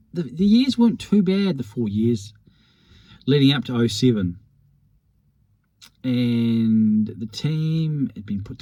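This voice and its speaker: A man's voice: on the high side, dark tone, dry recording. A man, wryly reminiscing about rugby in a rambling, self-deprecating monologue. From New Zealand. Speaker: rugby vlogger.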